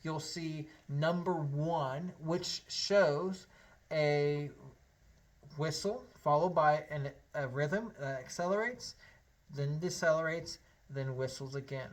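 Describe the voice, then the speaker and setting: A man's voice: fairly high pitch, slow. A man teaching a harmonica lesson, explaining step by step in a friendly way and counting beats aloud. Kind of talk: online music lesson.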